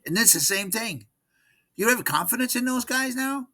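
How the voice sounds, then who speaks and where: A man's voice: extremely high pitch, lively intonation, moderate pace, pushed and bright. A man in his sixties giving a rambling, exasperated recap of his team's game in casual vlog talk, often repeating himself. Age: 60s. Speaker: sports fan vlogger.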